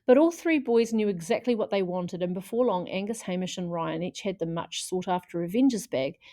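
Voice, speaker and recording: A woman reading a children's chapter book aloud in a lively way, putting on voices for the characters. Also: on the low side, fairly quick, dry recording, studio quality. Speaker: audiobook reader.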